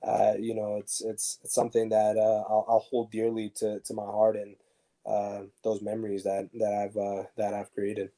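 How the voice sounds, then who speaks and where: This former pro soccer player is a guest in a casual interview, telling lively stories and acting out the dialogue. His voice is on the low side, and he speaks at a normal speed.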